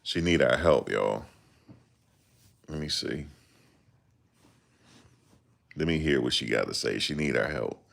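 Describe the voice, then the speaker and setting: A man with a very deep voice, giving casual, joking reaction commentary on a livestream. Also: expressive, moderate pace, gravelly, fairly bright tone. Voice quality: very deep voice that people ask him to repeat. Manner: joking, laid-back, slips into mocking voices.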